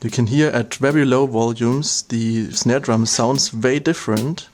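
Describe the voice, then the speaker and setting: A man's voice: medium pitch, unhurried, soft background music. A man narrating an instructional demo, walking through each step in a plain, methodical way. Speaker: product demonstrator.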